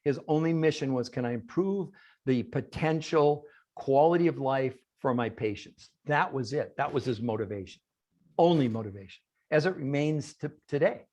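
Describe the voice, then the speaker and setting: A man's voice: medium pitch, animated, normal speed, a little mellow. A man giving an emphatic talk on a video call. He asks rhetorical questions and answers them himself. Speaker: guest speaker on a call. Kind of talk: animated presentation on a group call.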